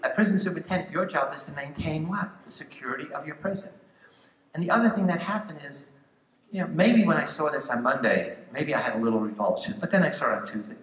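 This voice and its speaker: An older man speaking to students as a guest speaker, telling a story in a lively way and acting out the voices he quotes. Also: a little high, fast talker. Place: large theatre hall. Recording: echoey hall sound.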